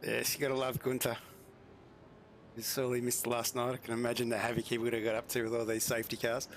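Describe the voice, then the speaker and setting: A man hosting live sim racing commentary in a relaxed, chatty way. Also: medium pitch, fast talker. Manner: relaxed, chatty, often laughs. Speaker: race commentator and host. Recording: loud racing game noise behind.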